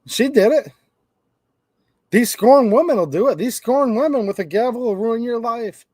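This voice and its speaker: A man's voice: very high voice, normal speed, a little mellow, no echo. A man hosting a channel, ranting brashly in casual livestream commentary to his chat. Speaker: host.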